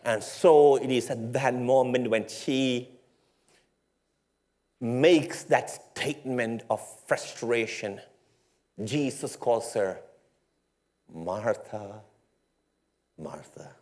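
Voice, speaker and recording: A man's voice: medium pitch, takes it slowly, pauses often, darkish tone. A male pastor preaching a sermon in a storytelling way, with rhetorical questions and playful asides to his congregation.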